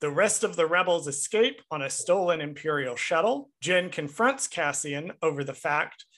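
Man, bright voice, slightly high pitch, animated, enthusiastic, casual podcast movie recap. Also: moderate pace. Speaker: podcast co-host.

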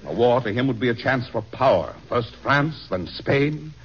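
A man's voice: medium pitch, animated, moderate pace, slightly rough. A man playing a doubtful, weary president in a vintage radio drama. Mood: troubled. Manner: brooding, doubtful. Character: troubled, weary president, middle-aged. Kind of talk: 1940s radio acting. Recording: dull old radio recording.

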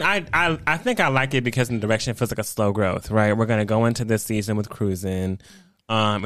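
A man co-hosting a casual podcast chat, reviewing new music with an easy, lively manner and lots of fillers. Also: on the low side, dry recording. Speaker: podcast co-host.

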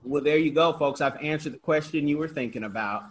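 A man from Oakland hosting a casual interview, talkative and animated, often restarting his sentences. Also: a little high, a little fast, slight background noise. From Oakland, California. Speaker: podcast host.

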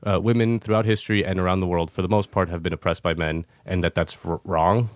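A man's voice: sits low, steady tone, quick pace, no room sound, studio quality. A young man in casual conversation, explaining politics earnestly with frequent hesitations and restarts. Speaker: podcast guest.

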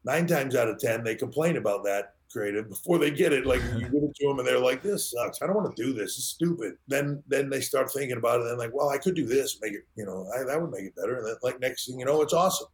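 A middle-aged man speaks as a podcast guest at an ordinary pitch. He tells his stories with energy and slips into other people's lines as he quotes them. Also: fast talker, few pauses. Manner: animated storyteller acting out quoted dialogue. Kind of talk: conversational storytelling in an interview.

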